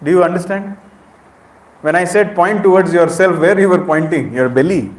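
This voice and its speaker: Indian guy giving a spiritual talk, kinda high voice, keeps quizzing the crowd, echoey hall. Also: moderate pace. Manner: questions the audience directly, conversational. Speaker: spiritual speaker. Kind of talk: interactive spiritual lecture. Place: temple hall with audience.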